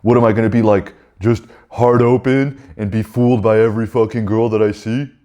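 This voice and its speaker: A scornful inner ego, as a man puts it on, sneers in a deep, low voice and swears freely. It mocks with a rough, crude edge. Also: steady tone, brisk, dark tone, lightly acted. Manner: sneering, profane.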